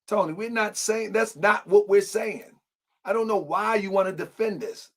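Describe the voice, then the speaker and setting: A man's voice: high voice, moderate pace. A man hosting an online show, reading aloud and reacting in casual slang with frequent laughter.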